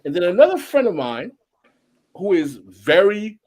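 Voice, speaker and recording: A man's voice: sits high, very animated, normal speed, a little mellow. A man co-hosting a casual podcast chat, talking animatedly with frequent restarts. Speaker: podcast co-host.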